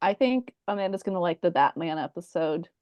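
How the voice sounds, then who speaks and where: Female co-host, lower register, dry booth sound; deadpan interjector. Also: a little fast, dry recording, lo-fi sound. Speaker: podcast co-host. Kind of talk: casual chat.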